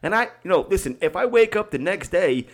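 A man co-hosts a casual comedy podcast. His pitch moves a lot, rising and falling as he tells a story. He jokes, swears and laughs often. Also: expressive, fairly quick. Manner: joking, profane storyteller who laughs often. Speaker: podcast co-host.

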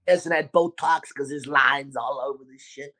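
Baltimore guy hosting a podcast, loud and profane, does the voices when he tells a story. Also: medium pitch, normal speed. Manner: animated, profane, acts out quotes. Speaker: podcast host, restaurant owner. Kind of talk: casual storytelling chat.

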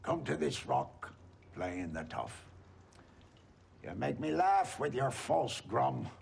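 Gravelly old sea-dog keeper. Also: male voice, wildly swooping pitch, slow, a little mellow, a little hiss or hum, full character voice. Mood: mocking. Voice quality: gravelly, old-sailor dialect. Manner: taunting, swings from low mutter to roar. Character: grizzled old lighthouse keeper, cruel, mocking.

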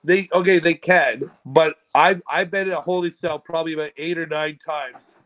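A man's voice: on the high side, steady tone, moderate pace, fairly bright tone, highs cut off. A man telling rambling, profane stories in a casual podcast chat. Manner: rambling and profane, with frequent restarts. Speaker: podcast co-host.

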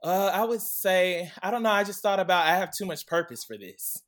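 A young man being interviewed as a guest and content creator, telling his story with lively quoted asides. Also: high voice, brisk. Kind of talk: interview answers.

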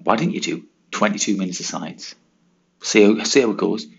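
Gravelly low-voiced man chatting solo. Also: normal speed, lo-fi sound. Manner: chatty, rhetorical, peppered with "right" and "okay". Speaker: teacher and education podcaster. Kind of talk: casual solo podcast monologue.

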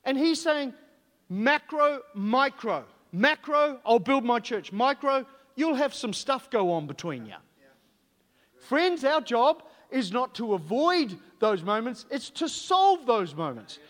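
Guy preaching in a big echoey hall, highish voice, punchy questions at the crowd. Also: very animated, takes it slowly, fairly bright tone. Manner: emphatic, rhetorical questions to the congregation. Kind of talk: sermon. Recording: long hall reverb.

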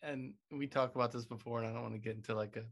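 Podcast co-host: a laid-back man, mid-pitched voice, talks around his point. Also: very fast, vocal fry. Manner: relaxed, rambling, restarts sentences. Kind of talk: casual chat.

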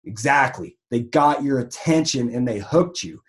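A man in the vegan health trade talks through marketing lessons in a loose, conversational way. His voice sits at an ordinary middle pitch, and he keeps restarting his sentences and leaning on fillers. He turns animated whenever he acts out an example. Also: normal speed. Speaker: online marketer in the raw vegan health business. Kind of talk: casual teaching talk on marketing.

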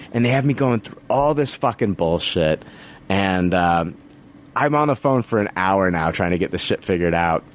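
A man's voice: normal speed, a little hiss or hum. Swearing, exasperated man ranting. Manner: heavy swearing, exasperated, lively pitch. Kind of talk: casual ranting story.

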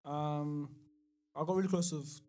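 Laid-back lad, guest on a chat podcast, fairly high voice, lots of "yeah". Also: male voice, fairly even intonation, a little slow, a little mellow. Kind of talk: casual chat.

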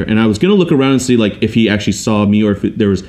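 A man telling a personal story in a casual, animated way, often restarting and acting out what people said. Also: lowish voice, rapid-fire. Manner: animated, quotes others in acted voices, restarts often.

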